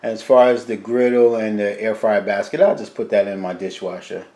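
A man hosting a casual cooking video, chatting to his viewers as "guys", quiet and mumbling while he cooks and louder when he turns to the camera. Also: on the low side, normal speed. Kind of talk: casual cooking vlog chat.

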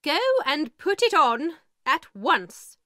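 A stern, indignant headmistress, put on by a woman reading a storybook aloud, her voice climbing high and swinging widely as she presses each word slowly and sharply. The sound is close and dry. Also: sing-song, no echo, heavily acted. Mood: cold. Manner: sharp, indignant, slow and emphatic. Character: stern, angry female headmistress, middle-aged.

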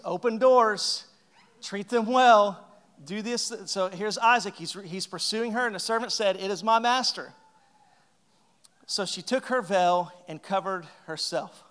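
A man with a fairly high voice preaches in an easy, conversational way. He jokes with the congregation and acts out the lines he quotes. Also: fairly bright tone. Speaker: pastor. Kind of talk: sermon. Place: church sanctuary.

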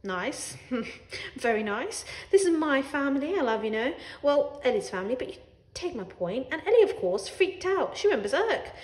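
A woman's voice: sits high, moderate pace. Woman reading a wry cat's story. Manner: wry, sardonic, expressive, laughs along. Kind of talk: children's read-aloud as a sarcastic cat narrator. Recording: roomy echo.

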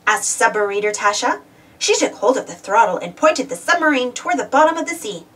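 A woman narrating a children's storybook aloud, slow and expressive, with a breathy voice. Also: a little high, recorded from a distance. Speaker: storybook reader.

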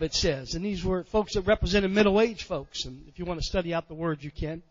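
A man preaching in a church, his voice high for a man, and he keeps saying amen in a folksy way as he builds up to loud points. The recording is dull and muffled, with long reverb from the sanctuary. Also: a little fast, hardly any pauses. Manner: folksy preaching with frequent amens, swelling loud on key phrases. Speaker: pastor. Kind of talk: sermon.

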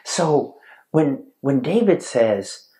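A male pastor giving a sermon in a deliberate, halting way with many fillers, stressing key words and quoting scripture. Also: mid-range voice, sing-song, dark tone. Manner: slow and deliberate, with frequent fillers and repeated words; stresses key words, reads Bible verses aloud.

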